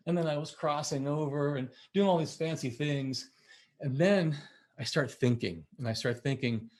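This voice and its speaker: A middle-aged man, a musician and podcast guest, telling a story in a lively way and acting out the voices he quotes. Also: a little high, moderate pace. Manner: acts out quoted voices, laughs while telling. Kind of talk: animated storytelling in conversation.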